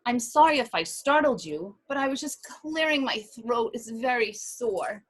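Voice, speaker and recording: A woman's voice: on the high side, lively intonation, a little slow, pitched above the performer's own voice. A woman voicing a polite male troll with a sore throat in a read-aloud children's story. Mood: apologetic. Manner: apologetic, grateful.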